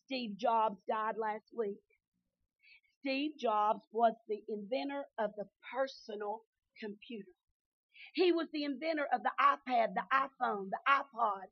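A woman preacher telling stories in a sermon, dropping to a hush and then rising to shouts. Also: sits high, no echo, highs cut off. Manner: storytelling that swings from hushed to shouting.

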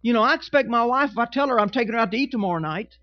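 Emphatic preacher on a dull, dry recording. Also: male voice, very high voice, expressive, very fast, dry recording. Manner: emphatic, repetitive, with humorous asides. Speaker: pastor. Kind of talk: sermon.

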